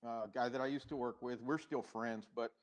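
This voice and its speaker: A man's voice: mid-range voice, fairly even intonation. Reflective middle-aged man telling his story. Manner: unhurried and reflective, with hesitations and restarts; acts out past dialogue. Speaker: podcast guest. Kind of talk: conversational storytelling.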